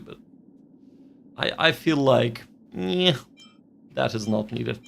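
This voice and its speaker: Gravelly male streamer thinking aloud. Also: medium pitch, big pitch swings, a little slow, a bit bright, slight background noise. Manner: thinks aloud, repeats phrases, reads game text. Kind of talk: casual gaming commentary.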